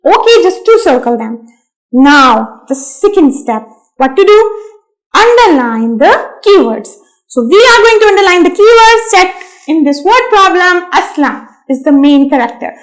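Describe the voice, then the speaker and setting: A woman teaching a lesson to young children, speaking slowly and emphatically, repeating key words and calling her listeners "my dear students". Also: very high voice, sing-song, low-quality recording.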